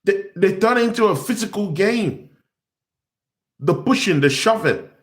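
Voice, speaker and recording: A young man hosting a football fan channel rants in exasperation, repeating himself. His voice sits high, animated yet unhurried, and the room sounds echoey.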